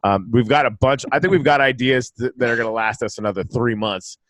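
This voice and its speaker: A laid-back man hosts a casual online chat, laughing easily and restarting his sentences as he goes. His voice sits at a middle pitch, and the sound is close and dry, with no room in it. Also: brisk, a bit bright, dry recording.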